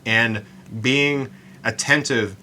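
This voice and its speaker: A man hosting a solo podcast about writing poetry, talking in a halting way with many stammered restarts and slowing down to recite his lines. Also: medium pitch, bright, forceful tone, slight background noise. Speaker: podcast host.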